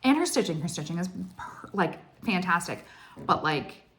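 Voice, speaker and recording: Excitable woman vlogger. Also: fairly low pitch, normal speed. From Canada. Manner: excitable, gushing, heavy use of "like". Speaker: cross stitch vlogger. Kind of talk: casual chatty storytelling.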